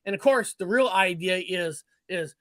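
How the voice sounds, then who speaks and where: A man in his forties telling a story in casual conversation, animated and profane, often restarting and correcting himself. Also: high-pitched, normal speed, no echo. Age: 40s. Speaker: guest.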